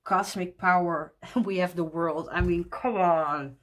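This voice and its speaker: A woman walking through a tarot deck in casual talk, gushing and excited, laughing often. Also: lowish voice, slow pace.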